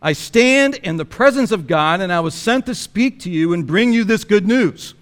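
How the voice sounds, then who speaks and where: A preacher booming as the archangel Gabriel. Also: male voice, expressive, moderate pace, a bit bright, long reverb tail. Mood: proclaiming. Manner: booming, emphatic declarations. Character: the archangel Gabriel, male, commanding and indignant.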